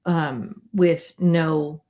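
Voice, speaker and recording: A woman in her fifties co-hosting a casual real estate chat, chatty and animated, laughing often. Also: low-pitched, very slow. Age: 50s. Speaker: realtor podcast co-host.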